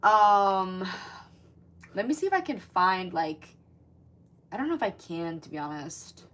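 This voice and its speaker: Young woman rambling on a live stream, says like a lot, swears, gets loud and excited. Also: mid-range voice, unhurried, slight background noise. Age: 20s. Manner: chatty, swears often, lots of "like", animated. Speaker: livestream host. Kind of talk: casual livestream chat reading comments.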